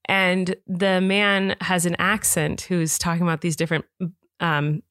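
A woman's voice: on the low side, flat delivery, a little slow, fairly bright tone, no room sound, studio quality. A woman in her thirties co-hosting a podcast at home, chatting casually and laughing often. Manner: chatty, laughs often, jumps into silly voices. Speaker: podcast co-host. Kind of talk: casual chat. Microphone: large studio microphone.

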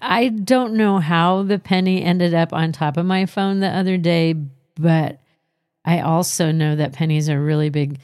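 A woman co-hosting a podcast, telling a personal story in a slow, heartfelt, emotional way. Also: lowish voice, darkish tone, no echo, clean studio sound. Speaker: podcast host. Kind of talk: casual chat.

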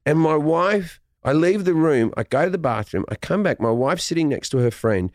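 A middle-aged man with an Australian accent, a comedian guesting on a podcast, telling animated stories and laughing often. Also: moderate pace, dry recording, studio quality. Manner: animated storytelling, laughing often, drops into mock-deep voices. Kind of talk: casual chat with anecdotes.

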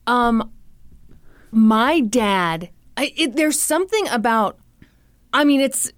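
A woman co-hosting a podcast in casual chat, animated and quick to laugh. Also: on the high side, no room sound, clean studio sound. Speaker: podcast co-host.

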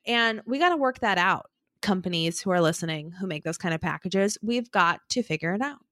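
A woman's voice: fairly low pitch, animated, brisk, a bit bright, no room sound, clean studio sound. A woman co-hosting a podcast, ranting lightly in casual chat with a chatty, easygoing manner. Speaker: podcast co-host.

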